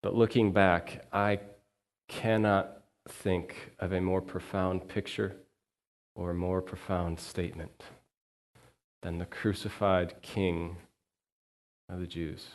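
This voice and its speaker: Male minister, low voice, earnest first-person sermon monologue in character. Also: little pitch movement, slow pace, long pauses. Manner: earnest storyteller, quiet and reflective. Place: church sanctuary.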